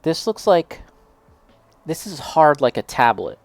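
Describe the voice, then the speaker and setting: A man's voice: fairly high pitch, very animated, measured pace, gravelly, no echo. A young man casually chatting as he tastes and reviews snacks, self-deprecating and reacting as he eats. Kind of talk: casual snack tasting chat.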